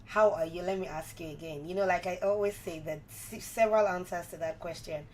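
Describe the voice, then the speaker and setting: A woman's voice: on the low side, brisk, a little hiss or hum, poor audio. A woman hosting a live radio show on mental health, chatting to listeners and asking them repeated questions. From Nigeria. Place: radio studio.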